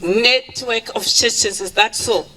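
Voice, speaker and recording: A woman speaks at a charity event in a high, bright voice. She takes her time, slipping between English and Shona and thanking people with open emotion. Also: takes it slowly, a little hiss or hum, low-quality recording. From Zimbabwe. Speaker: charity founder giving a speech. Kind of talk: public speech at an event.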